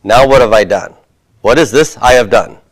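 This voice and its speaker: A man teaching a Hebrew grammar lesson, explaining slowly with many fillers and frequent "okay?" check-ins while he writes on a board. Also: mid-range voice. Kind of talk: recorded classroom lecture.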